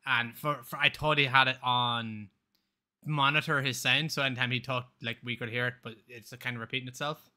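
A man's voice: medium pitch, steady tone, a little fast, sharp tone. A man chatting casually on a live game stream, rambling, swearing freely and laughing often.

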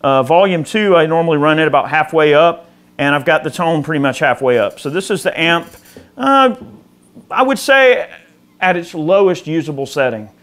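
A man's voice: fairly high pitch, animated, moderate pace, fairly bright tone. A man hosting a guitar gear video, talking in a loose, chatty way with lots of fillers and restarts. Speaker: host of a guitar gear channel. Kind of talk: casual gear demo talk.

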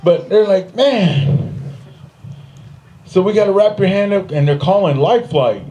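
A man doing stand-up comedy, telling a long story on stage and jumping into high, put-on voices for the other people in it. He laughs often at his own jokes. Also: lively intonation, unhurried, warm tone, slight background noise, poor audio. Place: stage in front of a live audience.

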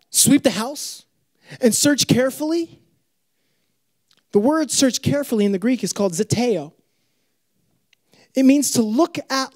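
A young adult man preaching a sermon in an animated, joking storytelling manner. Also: very high voice, no echo.

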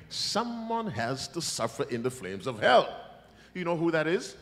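A male preacher giving a revival sermon, emphatic and teasing, with sudden loud bursts. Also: mid-range voice, sing-song, measured pace. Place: large church hall. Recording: long church hall reverb.

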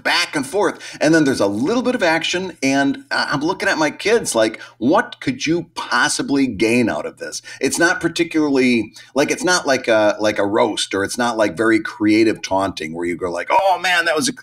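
Animated man chatting on a podcast. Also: mid-range voice. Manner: chatty, animated, acts out quotes. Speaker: podcast co-host. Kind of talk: casual chat.

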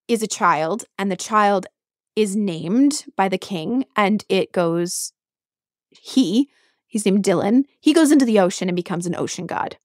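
A woman's voice: medium pitch, no echo, clean studio sound. Chatty woman retelling a myth. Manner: animated, chatty storytelling with asides. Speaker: podcast host. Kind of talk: retelling a myth in casual podcast talk.

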